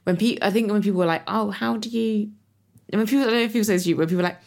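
A woman's voice: mid-range voice, very fast, a little mellow. A woman co-hosting a podcast, speaking reflectively in casual conversation, with many fillers and restarts. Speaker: podcast co-host and author.

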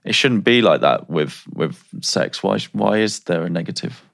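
Low-voiced man musing on a podcast. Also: animated, normal speed, vocal fry, fairly bright tone. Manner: conversational, musing, hesitant restarts. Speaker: podcast co-host. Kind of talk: casual podcast chat.

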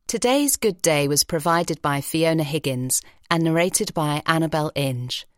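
A woman reading an audiobook story in a measured, expressive way in a recording studio. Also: low-pitched, no echo. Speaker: audiobook narrator. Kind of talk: scripted narration. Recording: dry studio sound.

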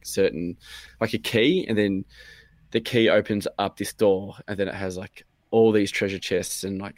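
A man spins a loose, rambling story in casual chat. He leans on fillers and swears freely. His voice sits a touch low and sounds dry and close, with no room around it. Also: no echo.

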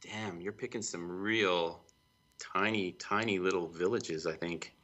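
A man's voice: deep voice, steady tone, a little slow, sharp tone. A man from Canada, a music producer guest on a podcast, talking frankly and with self-deprecating humor. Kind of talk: casual interview chat.

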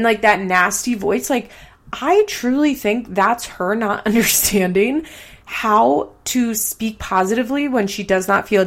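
Creaky-voiced chatty woman podcaster. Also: medium pitch. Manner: chatty, swears casually, heavy use of "like". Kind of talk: casual reality-TV commentary.

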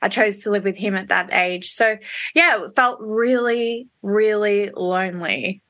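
A middle-aged woman with an Australian accent talks openly as a podcast guest. Her tone is bright and forward, and she reflects frankly on her past. The recording is dry and close, with no room sound. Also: mid-range voice, measured pace, no room sound, muffled recording. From Perth, Australia. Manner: open, reflective, speaks frankly about hard memories. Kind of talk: candid interview conversation.

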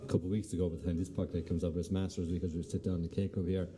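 A man with a County Clare Irish accent hosts a podcast, his voice low. He chats and jokes as he asks questions, and clear background noise runs behind him. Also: little pitch movement, racing. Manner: chatty, jokey interviewer. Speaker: podcast host. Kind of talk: casual chat.

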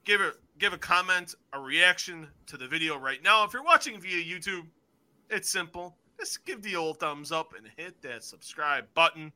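A man hosting a casual wrestling review podcast, excitable and swearing freely as he acts out his stories. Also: fairly high pitch, moderate pace. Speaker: podcast host.

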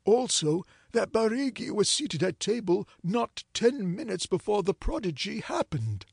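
A man narrating an old ghost story in a measured, dramatic reading. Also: sits high, big pitch swings, vocal fry, husky, no echo, clean studio sound.

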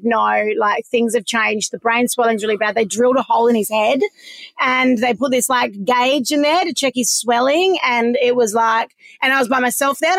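A woman's voice: a little high, no room sound. An Australian woman in her forties, candidly telling a personal story, swearing freely and laughing through hard memories. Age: 40s. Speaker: podcast guest.

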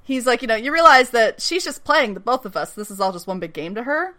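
A woman's voice: fairly high pitch, lively intonation, fast talker, bright, forceful tone. A woman casually recapping a TV episode as a podcast host, laughing often, swearing, and acting out quotes.

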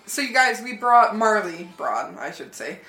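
Female guest, mid-pitched, friendly casual chatter, echoey room with faint music. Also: very animated, unhurried, sharp tone, slight background noise. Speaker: podcast guest. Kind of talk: casual gaming chat. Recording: roomy echo with faint music.

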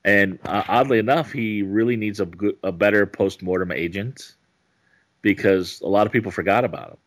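Man, very low voice, rambling and halting, comedian on a podcast. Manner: rambling, halting, many restarts. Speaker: stand-up comedian, guest. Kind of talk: casual podcast interview.

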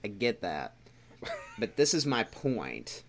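A man's voice: on the low side, wildly swooping pitch, takes it slowly, creaky, slight background noise. A man in casual chat, arguing his opinions firmly as a podcast co-host. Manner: opinionated, argumentative.

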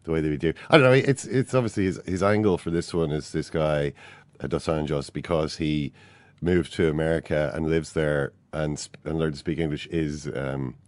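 A man's voice: extremely low pitch, fairly even intonation, moderate pace, no echo. A man with an Irish accent joking and laughing in a casual sports chat as co-host. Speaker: podcast co-host.

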